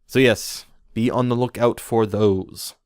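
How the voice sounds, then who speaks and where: A man with a lowish voice co-hosts a casual podcast, reading through a list of toy news. He throws in jokey puns as he goes, and his voice sounds dry and close to the mic. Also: fairly even intonation, unhurried, clear, resonant tone, dry recording. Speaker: podcast co-host.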